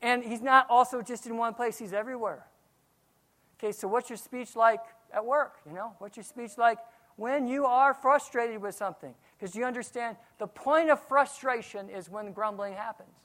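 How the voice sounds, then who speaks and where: A man, a pastor, preaching a sermon, swinging from quiet asides to loud outbursts. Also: extremely high pitch, moderate pace.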